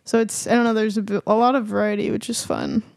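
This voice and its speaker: A woman's voice: medium pitch, fairly even intonation, quick pace, creaky, darkish tone, no echo, studio quality. A woman co-hosting a podcast in casual chat, giggling often. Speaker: podcast co-host.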